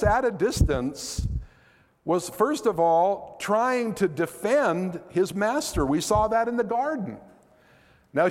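A man's voice: high voice, long reverb tail. A man preaching a sermon as pastor, earnest and conversational, asking rhetorical questions.

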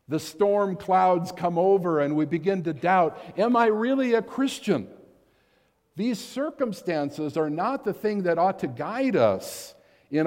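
A man delivers a sermon at an unhurried, deliberate pace, his voice sitting a little high for a man. He preaches earnestly and leans on key words, now and then acting out quoted lines. The sound carries the long reverb of a large church hall. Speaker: pastor.

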